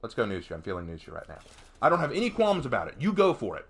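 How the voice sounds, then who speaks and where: A man's voice: mid-range voice, huge pitch swings, rapid-fire, creaky, slightly rough. A man streaming a game and commenting casually, ranting emphatically with frequent restarts.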